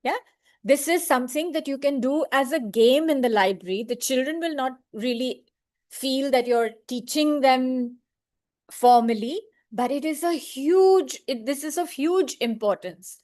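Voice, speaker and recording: Lady teaching librarians over a video call, kinda high voice, real slow and patient, claps out syllables. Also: a little mellow. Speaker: library trainer. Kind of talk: online training webinar.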